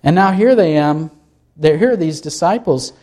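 The voice belongs to a man preaching a sermon: on the high side, expressive, a little mellow, at a moderate pace. As a pastor, he reads scripture aloud and asks the congregation questions while he explains it.

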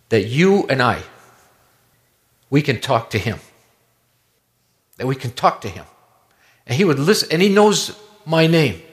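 A man preaching a sermon in a conversational, wondering way, often dropping to a hushed low tone. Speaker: pastor.

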